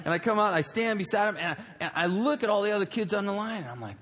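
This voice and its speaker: A pastor preaching a humorous, story-driven sermon in a large auditorium, animated and jokey, with many fillers and asides. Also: male voice, high voice, fast talker. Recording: long auditorium reverb.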